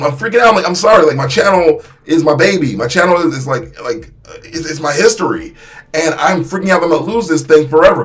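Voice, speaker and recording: A young man telling his story in a casual vlog, animated and emphatic, with many restarts and repeated phrases. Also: mid-range voice. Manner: animated, acts out quotes with voice shifts. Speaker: YouTuber.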